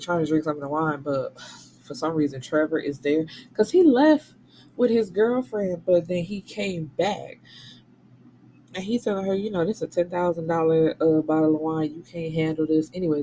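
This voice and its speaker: A woman with a fairly low voice talks through a novel she has read, casual and blunt, cursing freely. She jumps into the voices of the people she quotes as she goes. A faint hiss sits under her voice. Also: poor audio. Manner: animated, blunt and profane, slipping into quoted voices. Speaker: book reviewer and channel host. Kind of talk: casual book recap.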